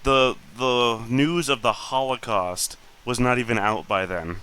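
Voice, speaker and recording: A man's voice: mid-range voice, measured pace, sharp tone, smooth, poor audio. A man from the United States chatting casually during a game, asking teasing, joking questions. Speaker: player.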